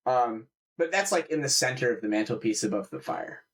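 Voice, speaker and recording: A man running a tabletop game, describing scenes in a casual, filler-heavy way. His pitch moves a lot as he talks. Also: expressive, brisk. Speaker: game master.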